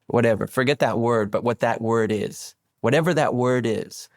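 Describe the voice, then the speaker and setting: Gravelly guy from venezuela, podcast guest, rambly storyteller, stumbles and restarts a lot, dry close mic. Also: moderate pace, no room sound. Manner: rambling, with many restarts and stammered repeats; slips into animated quoted voices and sudden high pitch leaps. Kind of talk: reflective conversational storytelling.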